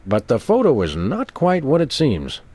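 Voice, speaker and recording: An actor playing a dry, deadpan dog detective who speaks politely in a game. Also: male voice, medium pitch, moderate pace.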